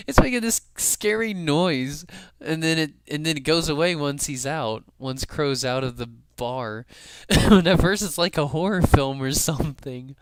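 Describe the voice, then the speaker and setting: Smooth-voiced man gushing over a show. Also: on the high side, dry recording. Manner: emotional, gasping and laughing often. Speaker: fan commentator. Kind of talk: excited reaction commentary.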